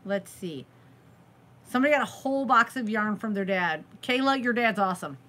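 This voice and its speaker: A woman's voice: medium pitch, animated, normal speed, fairly bright tone. A woman hosting a late-night live stream from home, chatty and giggly, teasing her viewers. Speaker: crochet channel host.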